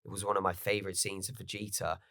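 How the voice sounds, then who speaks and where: A man hosting a podcast, chatting casually and excitedly as a fan, swearing freely. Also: low-pitched, fast talker, vocal fry, no echo, clean studio sound. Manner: animated, swearing, fan enthusiasm. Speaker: podcast host. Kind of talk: casual chat.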